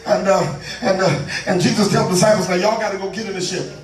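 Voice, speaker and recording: A man preaching a call-and-response sermon as bishop, in a drawn-out chanting cadence with asides to the congregation. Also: sits high, steady tone, far from the mic. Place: large church sanctuary. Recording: echoey church sound from afar with organ.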